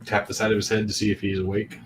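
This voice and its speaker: A low-voiced man answers in a blunt, dry, folksy drawl while playing his character in a tabletop game. A faint hiss sits under his voice. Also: flat delivery, quick pace. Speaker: player. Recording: faint background noise.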